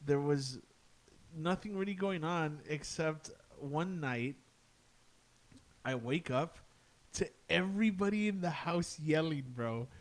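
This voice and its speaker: A man's voice: a little high, lively intonation, takes it slowly. A young man casually telling a ghost story on a podcast, swearing freely and peppering his speech with "dude" and "like". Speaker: podcast guest.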